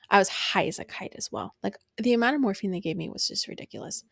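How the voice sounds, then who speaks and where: A woman's voice: medium pitch, expressive, fast, vocal fry, no room sound, clean studio sound. A young woman hosting a podcast, telling a personal story in a casual, blunt and profane way, laughing along as she goes. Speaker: podcast host.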